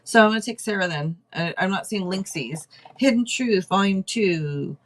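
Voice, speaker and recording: A woman's voice: mid-range voice, normal speed. A woman hosting a casual livestream tarot reading, chatty, thinking aloud and laughing often. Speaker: tarot reader host.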